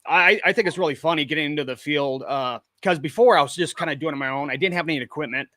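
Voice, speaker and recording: A man's voice: fairly high pitch, quick pace, bright, forceful tone, dry recording, clean studio sound. A man from Washington State, a paranormal investigator, telling his experiences matter-of-factly as an interview guest over a video call. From Washington State, USA. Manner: matter-of-fact, plain-spoken storyteller. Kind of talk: casual interview talk.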